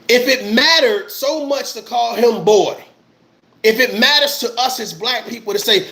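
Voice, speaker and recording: A man with a strikingly high voice gives fired-up commentary to his viewers. He rants with passion and circles back to the same phrases over and over. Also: unhurried, sharp tone. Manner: impassioned ranting with repeated phrases. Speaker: army veteran commentator. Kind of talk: heated livestream commentary.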